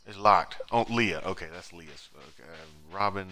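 A man streaming a game, giving casual commentary and muttering to himself, his volume drifting between quiet and loud. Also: deep voice, normal speed, a little hiss or hum. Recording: game music playing behind.

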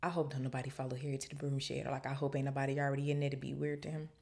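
Her voice is extremely low and creaky, and she talks in a rapid-fire way. This podcast host reads from a novel and keeps interrupting herself with lively, slangy jokes.

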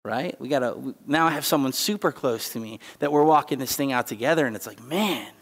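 A man speaks quickly as a guest preacher, his medium-pitched voice a bit bright. He keeps back tears while preaching conversationally and emphatically, with asides and restarts, in a church sanctuary recorded with church hall reverb.

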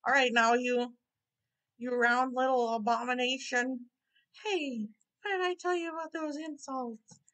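A woman voicing a grumpy, quick-tempered bald male math teacher in his forties, indignant and threatening. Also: on the high side, sharp tone, rough recording. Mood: scolding.

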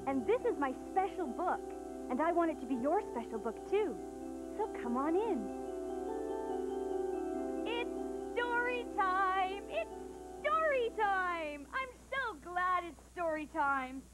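A woman hosting a children's storybook show, talking in a bubbly, excited, sing-song way. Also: high voice, moderate pace, over loud music.

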